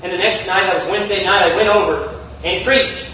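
A man preaching a fervent revival sermon, impassioned, repeating phrases for emphasis and building to shouts. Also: sits high, fairly even intonation, a little fast. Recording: very echoey, distant from the mic, faint background noise.

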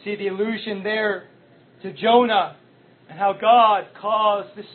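Man, preacher, sermon, very high voice, impassioned, phone-quality audio. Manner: impassioned, with big swings in loudness. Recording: tinny phone-like sound.

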